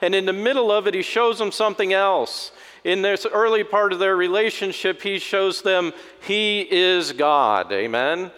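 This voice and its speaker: A man's voice: sits high, measured pace, a bit bright, clear, resonant tone. A man preaching a conversational sermon as a pastor, folksy and humorous, acting out voices in his story. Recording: long hall reverb.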